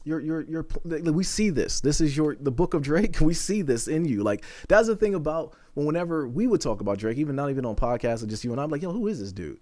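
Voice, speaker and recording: A man co-hosting a podcast in casual chat, animated and quick to laugh. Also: a little high, dry recording. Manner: fast, animated, laughing often. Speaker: podcast co-host.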